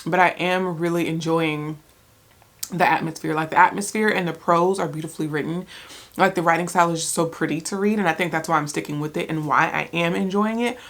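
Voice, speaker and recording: A woman's voice: on the low side, fairly even intonation, a little fast, fairly bright tone. A young woman chatting casually in a book vlog, rambling with many restarts and fillers, sometimes talking while she eats. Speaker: book vlogger.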